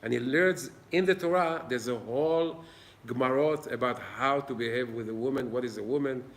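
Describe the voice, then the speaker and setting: A man's voice: medium pitch, moderate pace. A man giving an informal Torah class in an old synagogue, earnest and plain-spoken. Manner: earnest, plain-spoken, acts out little dialogues. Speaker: Torah teacher.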